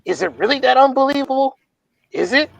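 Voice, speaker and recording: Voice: high voice, lively intonation, a little fast, gravelly, no echo. A podcast panelist arguing sports picks and challenging the others. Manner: argumentative, challenging. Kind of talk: casual sports debate.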